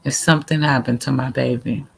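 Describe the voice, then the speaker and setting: A woman's voice: extremely low pitch, fairly even intonation, a little fast, gravelly, slightly rough. A woman hosting a casual live stream, chatting directly with her viewers in a chatty way, and at times reading out a prayer. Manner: chatty, talks straight to viewers, reads out a prayer. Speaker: livestream host. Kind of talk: casual livestream chat with viewers.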